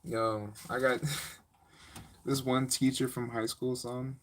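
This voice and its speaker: A man's voice: medium pitch, flat delivery, slow pace. A young man on a live stream, rambling casually with slang and laughter as he tells stories.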